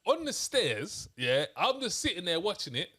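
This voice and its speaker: Male co-host, slangy and laughing, high lively voice. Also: normal speed. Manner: laughing storyteller, heavy slang. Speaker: movie reviewer. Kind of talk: casual chat.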